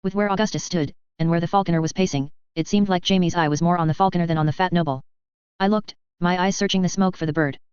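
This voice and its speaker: A woman narrating a novel in the first person, in a steady, tense storytelling voice. Her voice is very clear and sits a bit low. The recording is close and dry, with a slightly dull, muffled top end. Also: quick pace, no room sound. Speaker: audiobook narrator.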